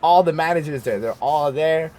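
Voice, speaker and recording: A man's voice: fairly high pitch, normal speed, crowd noise. A young man telling a story to a friend in a casual, slangy way, swearing freely and laughing between lines. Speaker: YouTuber.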